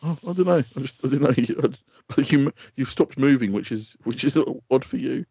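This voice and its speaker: A man's voice: mid-range voice, moderate pace, mellow, husky, dry recording, muffled recording. A man co-hosting a podcast in casual chat, rambling and laughing often. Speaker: podcast co-host.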